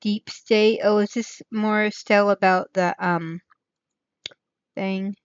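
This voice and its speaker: A woman's voice: mid-range voice, fairly even intonation, takes it slowly, clean tone, no room sound, dull audio. A woman hosting her own channel, chatting casually and rambling, thinking aloud, trailing off and restarting her thoughts. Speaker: channel host. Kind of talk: rambling casual livestream chat.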